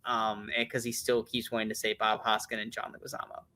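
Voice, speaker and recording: A man's voice: lowish voice, monotone, fairly quick, bright, forceful tone. A man co-hosting a casual movie-review podcast, blunt and opinionated, swearing often and restarting his sentences as he rambles.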